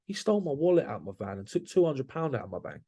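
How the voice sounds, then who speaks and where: A man's voice: mid-range voice, big pitch swings, very fast, dark tone, slightly rough. A man talking candidly as a podcast guest, blunt and swearing freely, often restarting his sentences.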